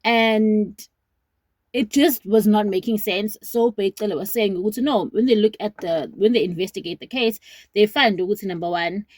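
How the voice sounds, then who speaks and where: A woman's voice: medium pitch, normal speed, darkish tone, dry recording. Earnest South African woman in her twenties. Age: 20s. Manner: earnest, rambling with restarts, Zulu words mixed in. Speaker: vlogger. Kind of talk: casual commentary to camera.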